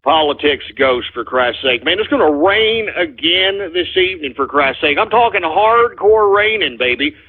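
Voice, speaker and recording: Angry high-voiced ranting radio host. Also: male voice, lively intonation, normal speed, hardly any pauses, slightly rough. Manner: angry, profane, shouting insults at trolls. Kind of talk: ranting call-in radio talk. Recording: tinny phone-like sound.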